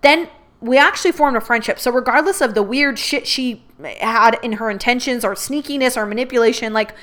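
A young adult woman telling a personal story in a candid, expressive way, swearing freely and quoting others in her own voice. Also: a little high, brisk. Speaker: podcast host. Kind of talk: casual storytelling.

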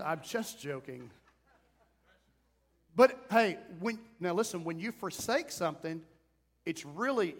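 Man, pastor, sermon, high voice, emphatic preaching, church echo. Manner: conversational preaching that builds to emphatic exhortation.

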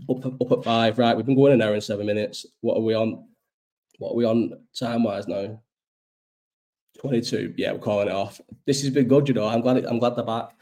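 A man's voice: on the low side, fairly even intonation, fairly quick, warm tone. A man hosting a casual livestream chat, rambling and swearing freely, ill and coughing. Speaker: live chat host.

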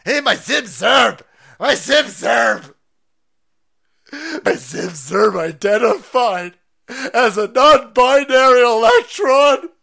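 A man putting on a high, whiny voice to mock an upset, wailing person. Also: animated, takes it slowly, vocal fry, bright, forceful tone, full character voice. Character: shrieking upset adult leftist, man's mock-up.

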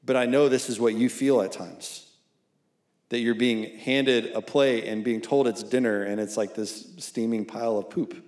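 A man of middle pitch preaching to young adults in a loose, talky style, often tossing in "right?" as he goes. His voice rings out in a roomy hall with plenty of echo. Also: moderate pace, darkish tone. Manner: conversational, often asking "right?"; reads scripture aloud. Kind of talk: sermon. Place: church hall at a college service. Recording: echoey room.

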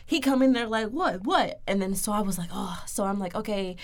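A woman's voice: mid-range voice, fast. A young woman co-hosting a casual podcast, telling a family story with lots of laughter and acted-out quotes. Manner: animated, acts out quoted voices, laughs often. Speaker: podcast co-host.

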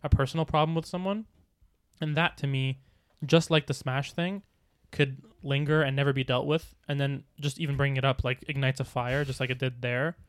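A man's voice: medium pitch, steady tone, a little fast, clean tone, no room sound. A young man co-hosting a casual podcast chat, telling a rambling story full of fillers. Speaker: podcast co-host.

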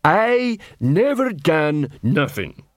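A man doing a slow growling sullen troll. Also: on the high side, sing-song, dry recording, studio quality, voice pushed up, exaggerated voice. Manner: slow, growling, sulky mumble. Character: sullen hulking troll prisoner.

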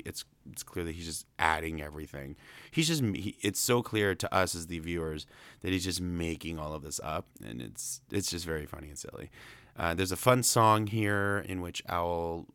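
A man's voice: low voice, fairly bright tone, dry recording. A man casually recapping a film's plot in a chatty, rambling, amused way. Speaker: film reviewer.

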